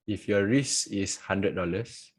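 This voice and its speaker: Husky, slow-talking man teaching trading live. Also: deep voice. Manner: joking, chatty, laughs often. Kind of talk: casual live online trading class. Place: at home. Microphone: video call.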